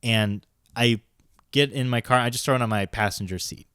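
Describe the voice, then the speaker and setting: A man's voice: medium pitch, moderate pace, fairly bright tone, smooth, no room sound, studio quality. A man co-hosting a podcast, telling a story in casual chat and acting out what people said. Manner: storytelling, acts out quotes. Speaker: podcast co-host.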